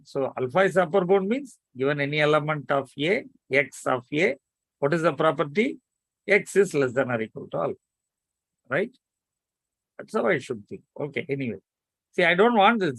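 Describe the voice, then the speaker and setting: A man teaching an online math lecture, prodding students to answer quickly. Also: on the high side, fairly bright tone, dry recording. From India.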